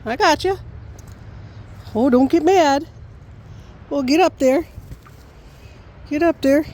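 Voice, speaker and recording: A woman's voice: sits high, takes it slowly, darkish tone. A woman talking in coaxing, affectionate baby talk to her puppy and parrot while walking outdoors, recorded on a handheld phone. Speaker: pet owner vlogger. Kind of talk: casual talk to her pets. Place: outdoors on a walk.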